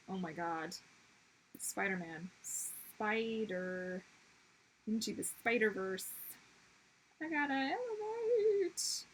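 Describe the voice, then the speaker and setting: A woman's voice: mid-range voice, a bit bright, slight background noise, low-quality recording. A young woman hosting a livestream, chatting casually while she draws, rambling and interrupting herself with sudden exclamations. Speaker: livestream host and artist. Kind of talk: casual chat while drawing.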